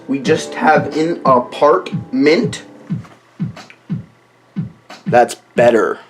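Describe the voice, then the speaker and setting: A man's voice: mid-range voice, very slow, long pauses, faint music behind. A young man joking around while recording a silly song, switching between mock singing and rambling asides. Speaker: comedy vlogger recording a song. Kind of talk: joking self-recorded rap session.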